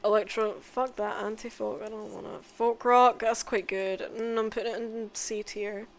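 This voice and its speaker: A woman making a casual music tier list, swearing often, mumbling asides and bursting into loud excited outbursts. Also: fairly high pitch, moderate pace. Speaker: content creator.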